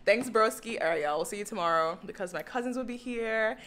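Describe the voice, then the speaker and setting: A woman vlogging in a chatty, excitable way, often laughing as she talks. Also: mid-range voice, brisk. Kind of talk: casual vlog chat.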